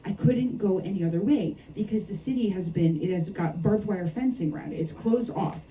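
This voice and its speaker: Brief: woman author, warm dark tone, chatty anecdotal storyteller, recorded from across the room. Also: medium pitch, brisk, recorded from a distance, slight background noise, low-quality recording. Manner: lively anecdotal, frequent laughs and asides. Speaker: novelist discussing her book. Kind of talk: storytelling talk at a book event. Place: bookshop event.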